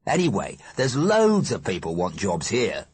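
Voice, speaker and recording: A gloomy teen boy in an audiobook who grumbles about the future, as a male narrator voices him. The voice rises loudly and swings widely, husky and dry. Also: lowish voice, wildly swooping pitch, unhurried, no echo, exaggerated voice. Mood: glum. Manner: glum, complaining. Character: gloomy tough teenage boy.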